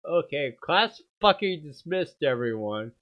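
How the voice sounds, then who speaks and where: A man's voice: on the high side, sing-song, unhurried. A man voicing a young goth female teacher with a chummy, casual manner. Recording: dull lo-fi stream audio.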